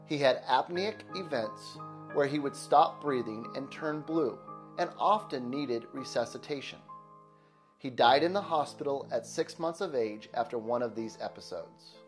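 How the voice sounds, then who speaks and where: A man reading scripted documentary narration in an even, plain voice. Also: mid-range voice, a little slow. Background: guitar music.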